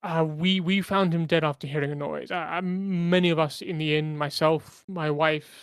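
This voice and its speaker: A man voicing a shaken middle-aged male innkeeper who speaks in heavy, halting phrases. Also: on the high side, fairly even intonation, clean tone, no room sound, studio quality, lightly acted. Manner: heavy, halting, hesitant speech.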